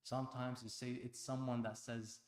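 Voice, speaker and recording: A man preaching a sermon at an Islamic center, impassioned, dropping to a hush and then rising loud, firing rhetorical questions at the congregation. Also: medium pitch, level tone, normal speed. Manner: impassioned, swings between hushed and loud; asks the audience pointed rhetorical questions. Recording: echoey hall.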